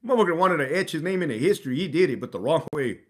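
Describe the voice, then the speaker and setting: Rapid-fire and expressive, with a voice on the high side, this man runs a casual livestream where he laughs, curses freely, and reads out messages from his chat.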